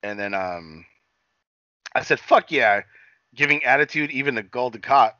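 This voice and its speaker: A man rambles through a casual recap, piling up fillers and quoted lines, cursing freely. His voice is bright and forward. The recording is dry and a touch lo-fi. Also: medium pitch, expressive, moderate pace, no echo. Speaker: podcast co-host recapping an episode. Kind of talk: casual profane chat.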